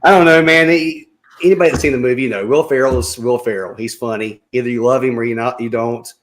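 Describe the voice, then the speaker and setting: A man's voice: mid-range voice, fairly even intonation, fast talker, slight background noise. Enthusiastic man retelling scenes. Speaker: panel guest. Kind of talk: casual chat.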